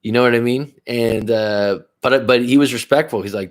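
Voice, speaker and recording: A man's voice: mid-range voice, normal speed. A man coaching and telling a story in a casual, profane, rambling way, often restarting his sentences. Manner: rambling, profane, self-interrupting. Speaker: life coach. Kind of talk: casual storytelling on a live stream.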